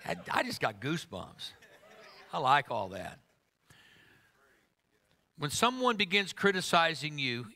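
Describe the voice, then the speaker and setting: Bright, teasing male preacher. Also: medium pitch. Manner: humorous, teasing, emphatic. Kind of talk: sermon.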